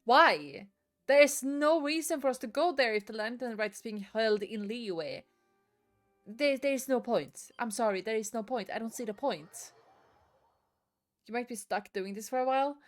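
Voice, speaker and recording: A woman's voice: fairly high pitch, normal speed, faint music behind. A woman streaming a game from her room at home, ranting in exasperation, swearing and repeating herself. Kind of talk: live-streamed gameplay commentary. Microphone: desk mic at the computer.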